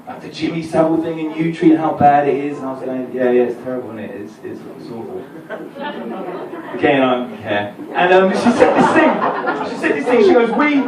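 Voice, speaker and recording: Lively high-voiced Essex comedian, live club. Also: male voice. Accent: Essex English. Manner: rambling, self-deprecating, swears a lot. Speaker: stand-up comedian. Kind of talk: stand-up set. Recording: roomy live club recording, distant, crowd noise. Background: audience laughter and room noise.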